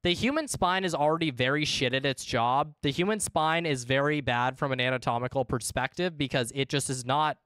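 A man's voice: medium pitch, fairly quick, hardly any pauses, a bit bright, clean tone, dry recording, studio quality. A man streaming a video game, chatting casually to his viewers and swearing freely as he plays. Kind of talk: casual livestream commentary.

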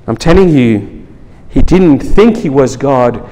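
A man preaching a storytelling sermon in the first person, his voice sitting a little high for a man. He speaks slowly and dramatically, leaning on key words and leaving long pauses. A long reverb trails each phrase, as if he were in a large hall. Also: a little hiss or hum. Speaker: pastor.

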